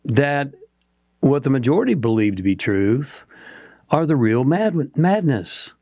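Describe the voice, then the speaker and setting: A man's voice: medium pitch, sing-song, unhurried, a little mellow, no room sound. Earnest preacherly man, dry close sound. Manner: earnest, preacherly, asks rhetorical questions. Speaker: podcast co-host. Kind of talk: motivational talk.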